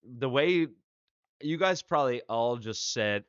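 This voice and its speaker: A man's voice: medium pitch, lively intonation, a little slow, a bit bright, clear, resonant tone, no room sound. A man hosting a live stream, chatting and telling rambling stories full of restarts. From United States. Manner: rambling storyteller, restarts often. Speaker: streamer host. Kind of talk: casual chat. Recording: dry, dull lo-fi.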